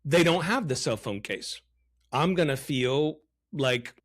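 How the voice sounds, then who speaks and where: Animated man giving business advice. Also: slow. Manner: animated, varies pitch and loudness for emphasis. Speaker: podcast host, loan officer. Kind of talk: solo podcast advice talk.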